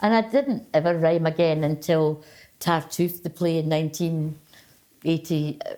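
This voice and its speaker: Older Scottish woman, low wry voice. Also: steady tone, normal speed, mellow. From Scotland. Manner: wry, self-mocking storyteller. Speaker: poet guest. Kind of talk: festival conversation and poetry reading.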